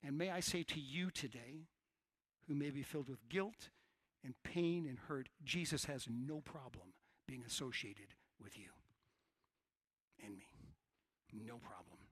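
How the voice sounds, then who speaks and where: A middle-aged male pastor preaching a sermon, swinging from hushed asides to shouted lines. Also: mid-range voice, measured pace, long pauses, husky, dry recording.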